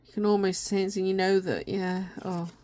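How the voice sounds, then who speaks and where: A woman walking through an oracle deck in a gentle, rambling way, tired and yawning now and then. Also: mid-range voice, level tone, normal speed. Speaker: tarot and oracle deck reviewer. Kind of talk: casual deck walkthrough.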